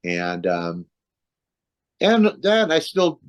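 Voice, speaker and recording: This man's voice sits on the high side, with huge pitch swings and an extremely slow delivery, and the highs in the audio are cut off. A metal vocalist and interview guest, he talks loosely about his career on a casual video call, rambling with many restarts and fillers.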